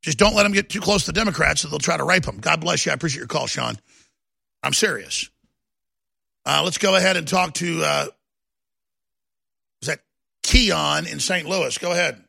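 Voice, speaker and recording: Gravelly ranting talk radio man. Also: on the high side, normal speed, pauses often, dry recording. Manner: fiery, shouting, ranting. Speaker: radio talk show host.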